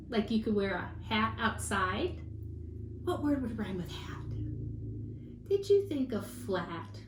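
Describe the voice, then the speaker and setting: A woman teaching a children's phonics lesson, slowly and encouragingly drawing out each word for her students to repeat. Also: a little high. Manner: slow, encouraging, drawn-out word modeling. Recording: echoey room with faint hiss.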